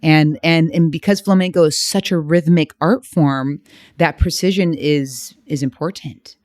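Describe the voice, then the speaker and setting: A woman from San Diego, a flamenco dancer, explaining her art in measured phrases during a podcast interview. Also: low voice, darkish tone, no echo, studio quality. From San Diego, United States.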